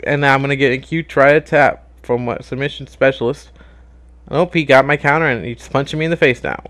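A young man talking through a wrestling video game in loose, casual commentary. He gets excitable fast, swears freely and shouts at what happens on screen. His voice sits at an everyday middle pitch. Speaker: gaming YouTuber.

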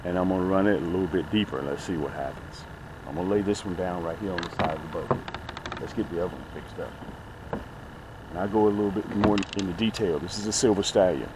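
Excitable man hosting a fishing vlog. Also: low-pitched, fast, noisy background. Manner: excitable, addresses viewers as "guys", promotes his gear. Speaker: fishing vlogger. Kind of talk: casual fishing vlog talk. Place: on a boat outdoors, later in his office.

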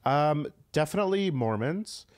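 A man's voice: fairly high pitch, expressive, normal speed. A man from Phoenix, a podcast guest, chatting casually with short, easygoing reactions. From Phoenix, Arizona. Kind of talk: casual chat.

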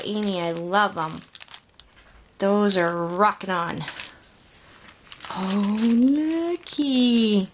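Woman, gushing and excited, slow drawn-out speech, crinkling paper and background noise. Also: mid-range voice. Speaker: crafter opening a swap package. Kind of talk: unboxing vlog.

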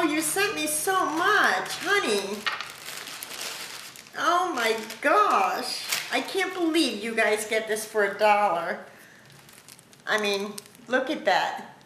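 A woman vlogger opening a craft package at home, gushing with thanks in a casual, excited chat. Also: sits high. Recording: echoey room with background noise.

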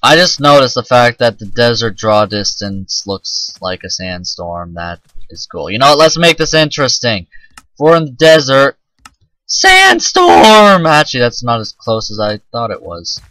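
Man, gaming commentary, rambling, self-mocking, crisp bright tone, dry close mic. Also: medium pitch, expressive, normal speed, no room sound, low-quality recording. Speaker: gameplay commentator. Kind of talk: casual let's-play commentary.

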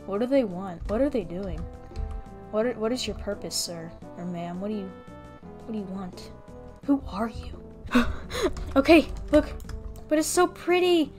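A young woman giving casual, playful commentary as she plays a game, excitable and full of gasps and mock panic. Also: medium pitch, unhurried, long pauses, music in the background. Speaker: gaming video creator.

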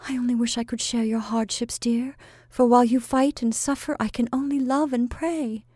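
A woman voicing a young woman in love, speaking softly and affectionately, at times in a whisper. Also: a little high, steady tone, normal speed, dry recording, studio quality, pitched above the performer's own voice, natural voice. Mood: tender. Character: young woman sweetheart, tender and spirited.

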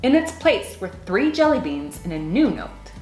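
Woman reading a kids book aloud, lively sing-song voice, echoey room, faint music behind. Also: medium pitch, moderate pace. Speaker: children's book reader. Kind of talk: read-aloud storytelling.

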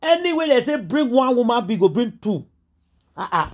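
With a slightly high, sing-song voice and a darkish tone, this Nigerian gossip vlogger moves at a moderate pace through casual celebrity chatter. She hammers her points repeatedly, sounding preachy and emphatic, with Pidgin phrases flowing in naturally.

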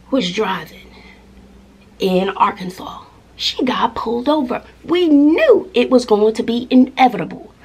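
A woman's voice: on the high side, vocal fry, fairly bright tone, breathy edge. Chatty woman. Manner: chatty, emphatic, repeats herself, laughs often. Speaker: vlogger, mother. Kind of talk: casual chat to camera.

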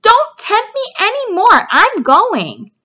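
A woman's voice: high voice, big pitch swings, unhurried, voice pushed up, exaggerated voice. Templeton, a woman doing a greedy grumpy rat. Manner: grumbling, bursts into shouts. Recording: dull lo-fi recording.

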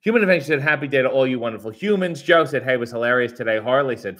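A man hosting a casual live stream, reading viewer comments aloud in a brighter voice and answering with crude, sarcastic, mock-grumpy asides. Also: mid-range voice, expressive, rapid-fire, hardly any pauses. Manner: reads comments in a brighter, louder voice.

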